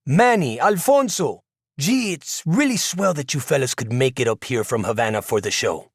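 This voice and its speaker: A man voicing a genial Cuban bandleader warmly greeting two visiting musicians. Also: mid-range voice, lively intonation, normal speed, breathy edge, no echo, studio quality. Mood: welcoming.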